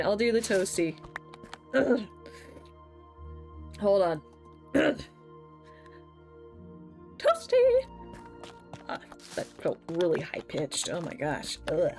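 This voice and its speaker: A woman streamer chats casually while livestreaming a video game, swearing freely and reading chat messages aloud. She has a medium-pitched voice that she wishes were deeper.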